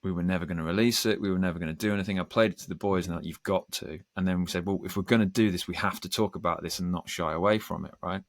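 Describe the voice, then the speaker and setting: Low-voiced man, earnest storyteller, dry close recording. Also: steady tone, no echo. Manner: earnest, storytelling, quick bursts. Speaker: podcast guest, band singer. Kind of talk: casual podcast conversation.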